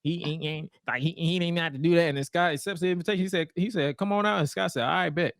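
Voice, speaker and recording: A man with a fairly high voice recaps wrestling on a podcast. His storytelling is animated, and he keeps slipping into put-on voices for the quotes. The sound is dry and close. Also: fast, no room sound. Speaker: podcast co-host.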